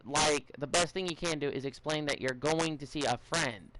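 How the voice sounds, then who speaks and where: A man's voice: fairly high pitch, normal speed, background noise. A young man hosting a casual podcast, rambling and giving advice with many fillers, restarts and stutters. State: a bit out of it, stuttering.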